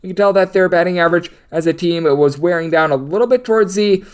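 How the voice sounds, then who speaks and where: Guy doing a betting preview, talks super fast, clean crisp voice, reels off odds nonstop. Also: high voice. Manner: rattles off numbers and odds in long strings. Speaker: sports betting analyst. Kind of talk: rapid stat-heavy betting preview.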